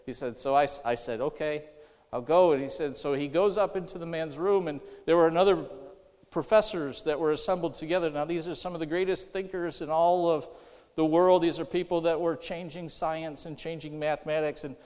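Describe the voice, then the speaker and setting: A man preaching a sermon, telling a story with many restarts and repeated words, his loudness rising and falling. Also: fairly high pitch, fairly even intonation, fairly quick. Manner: storytelling, repeats himself, rises and falls in loudness. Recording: long hall reverb.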